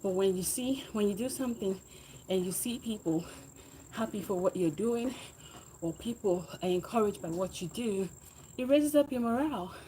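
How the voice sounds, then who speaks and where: A woman talks to her livestream viewers in an encouraging, motivational way while she rides an exercise bike, and now and then she sounds a little out of breath. Her voice sits at an ordinary middle pitch. A steady background noise runs under the recording. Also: normal speed. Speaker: livestreaming fitness vlogger. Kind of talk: casual livestream chat with viewers.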